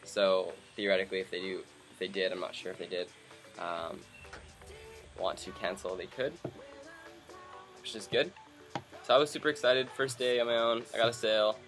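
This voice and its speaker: Young man, from Canada, low voice, animated storytelling, faint background music. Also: moderate pace, long pauses. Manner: animated, acts out quoted people. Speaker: vlogger. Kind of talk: casual storytelling to camera.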